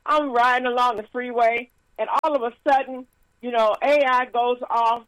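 A woman minister giving a casual sermon with stories and announcements, lively and laughing, with frequent praise interjections. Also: a little high, moderate pace, no echo, rough recording.

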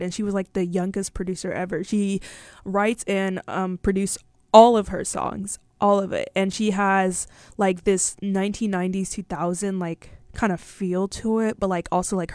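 A woman's voice: mid-range voice, darkish tone, no room sound, clean studio sound. A young woman hosting a college radio show, chatting casually in a bubbly, rambling way full of fillers. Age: young adult. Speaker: radio host.

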